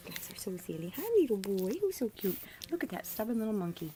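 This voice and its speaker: A woman filming her puppies at home on a handheld camera, coaxing them in high sing-song baby talk. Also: big pitch swings, a little fast, dark tone, a little hiss or hum. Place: indoors at home.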